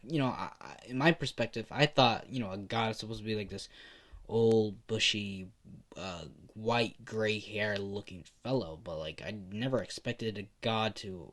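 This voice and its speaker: A man's voice: lowish voice, lively intonation, moderate pace, fairly bright tone. A man narrating a fan story casually, rambling with lots of filler words. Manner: rambling, full of "you know" and "like".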